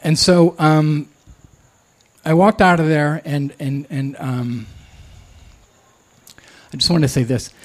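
A man telling a true personal story, candid and self-deprecating, often pausing and restarting. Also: a little high, fairly even intonation.

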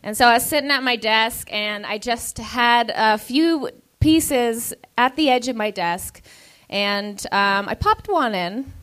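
A woman comedian telling a stand-up story in an animated, self-mocking way, acting out the people she quotes. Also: a little high, takes it slowly, clean tone.

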